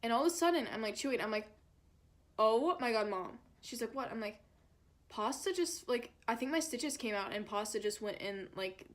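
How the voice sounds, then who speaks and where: A woman's voice: a little high, lively intonation, fast talker, few pauses. Chatty young woman telling a dramatic storytime. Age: young adult. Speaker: vlogger. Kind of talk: storytime vlog.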